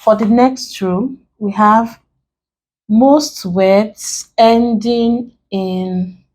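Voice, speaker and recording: A woman's voice: a little high, extremely slow, darkish tone, poor audio. A woman from Nigeria teaching an exam-prep English lesson, spelling out letters one by one and explaining each step. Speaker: English tutor.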